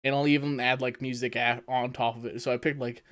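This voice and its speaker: A young man co-hosting a podcast, chatting in a relaxed way with frequent chuckles and filler words. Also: medium pitch, fairly quick. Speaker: podcast co-host. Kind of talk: casual chat.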